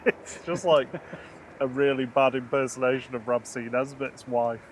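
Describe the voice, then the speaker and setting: A man's voice: mid-range voice, steady tone, normal speed, slight background noise. A man co-hosting a live plane spotting stream, calling out arriving aircraft, reading viewer messages and joking with his partner. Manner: jokey, calls aircraft and reads chat. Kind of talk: casual commentary.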